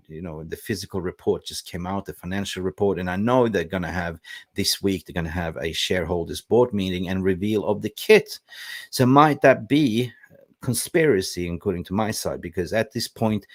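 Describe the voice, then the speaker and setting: Man, young adult, low voice, blunt livestream host in a dry-sounding room. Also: no echo. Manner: blunt, animated, talks to viewers. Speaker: football channel host. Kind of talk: casual livestream chat.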